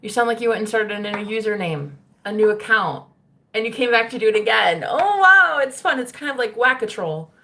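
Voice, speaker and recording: A woman's voice: medium pitch, brisk, fairly bright tone. A young adult woman talking casually to her stream viewers, chatty and swearing freely. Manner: chatty, swearing, laughing often. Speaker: spiritual streamer.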